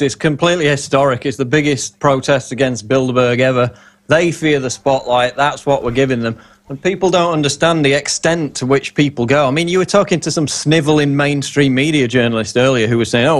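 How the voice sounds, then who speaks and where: Male radio correspondent, a touch high-pitched, indignant and scornful. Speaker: reporter and co-host. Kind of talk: live talk radio commentary.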